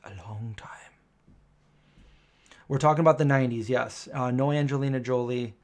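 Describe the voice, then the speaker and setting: Guy doing a casual live stream chat, rambly, lots of ums, mid pitch voice. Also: normal speed. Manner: chatty, rambling, lots of um and self-correction.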